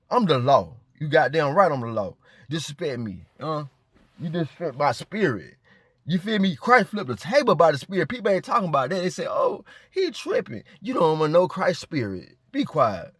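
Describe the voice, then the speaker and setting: A male vlogger with a fairly high voice launches into a confrontational spiritual rant, recorded in echo-free studio quality. He is defiant and profane, repeatedly checking in with listeners through rhetorical questions.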